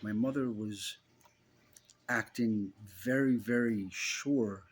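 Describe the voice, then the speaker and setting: A man's voice: on the low side, slightly rough. A man telling a personal story straight to the listener in an intense, emphatic way, often repeating himself.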